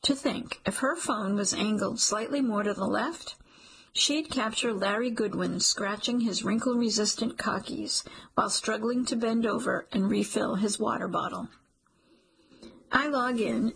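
Husky, gravelly woman narrating wryly. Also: on the high side, poor audio. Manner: dry, wry storytelling with quiet whispered asides. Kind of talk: first-person audiobook narration.

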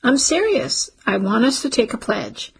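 A woman reading the part of a calm, businesslike man who makes deadpan jokes, with a raspy voice. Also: on the high side, unhurried, full character voice. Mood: mock solemn. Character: calm, joking stepfather type, grown man.

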